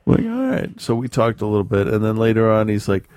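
A man with a fairly low voice tells a story in loose, casual chat, often stopping to correct himself and laughing along the way. The sound is dry, with no room echo. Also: little pitch movement, quick pace, a little mellow, smooth.

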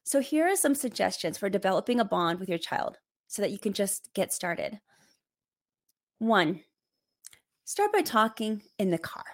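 A woman's voice: mid-range voice, big pitch swings, moderate pace, long pauses. A woman coaching parents with direct, emphatic advice, laughing lightly between points.

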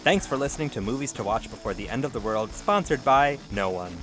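Playful bright-voiced male podcast co-host. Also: mid-range voice, animated, soft background music. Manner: playful, teasing, quick laughs. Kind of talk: casual chat.

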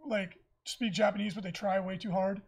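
A young man co-hosting a podcast, chatting casually and reading out viewer comments with quick rambling asides. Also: sits high, level tone, vocal fry, husky. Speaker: podcast co-host.

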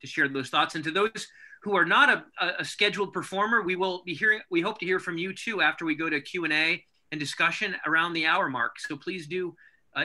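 A man's voice: a little high, pushed and bright. A man hosting an online arts program over a video call, talking casually with frequent restarts. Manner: friendly, stumbling restarts.

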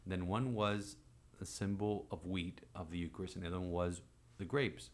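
Man, 40s, priest, fairly low voice, animated storyteller. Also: normal speed. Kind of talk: storytelling in conversation.

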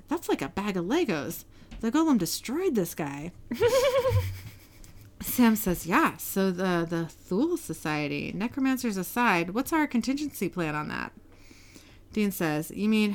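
A woman on a casual podcast, retelling a TV episode scene by scene and reading the characters' lines aloud. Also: fairly low pitch. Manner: reads character lines with brief voice shifts, laughs often. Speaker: podcast host narrating a TV episode.

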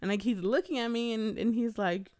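A young woman with a fairly high voice tells a story in casual podcast chat. She acts out every quoted voice with big jumps in pitch. The sound is dry, close and without room echo. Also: a little fast, darkish tone. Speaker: podcast co-host.

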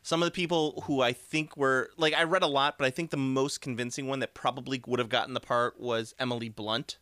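Chatty podcast man with a bright, forceful voice. He talks about movies in loose, joking asides and speaks close to a dry, deadened mic. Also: mid-range voice, steady tone, no echo. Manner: chatty, quick asides and laughs. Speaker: podcast co-host. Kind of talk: casual movie podcast chat.

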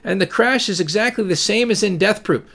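A man talking casually to his viewers, reading their messages aloud and rambling, with frequent swearing and sudden loud rants. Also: high voice, fairly quick, creaky. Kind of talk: casual profane monologue.

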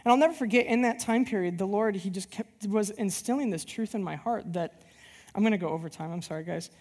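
A church-plant pastor preaches a sermon, telling a personal story in an animated, rambling way full of restarts. His voice is high and quick, heard through long hall reverb.

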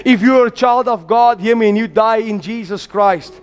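A man preaching a sermon with fervent, exhorting energy, rising to shouts and calling on the congregation to repeat his words. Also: sits high, normal speed, smooth. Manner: calls on the congregation to repeat after him.

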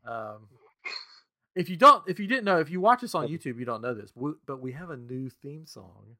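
A man's voice: fairly high pitch, animated, moderate pace, sharp tone. A middle-aged man co-hosting a podcast in loose, casual chat, laughing often. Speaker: podcast co-host.

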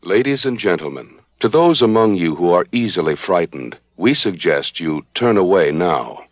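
A sinister deep horror announcer. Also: male voice, expressive, no echo. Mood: ominous. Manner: slow, ominous, theatrical delivery.

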